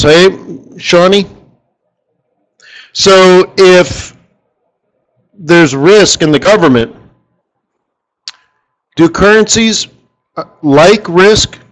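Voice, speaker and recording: A man hosting a live currency trading strategy session in front of a room, talking in an animated, joking way and firing off rhetorical questions at the audience. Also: on the high side, low-quality recording.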